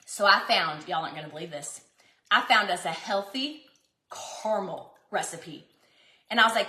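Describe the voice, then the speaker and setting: A woman's voice: medium pitch, lively intonation, moderate pace, pushed and bright, roomy sound. A woman, cooking at home and chatting to viewers in a self-mocking, dramatic way. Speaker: cooking vlog host. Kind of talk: casual kitchen chat to viewers. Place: home kitchen.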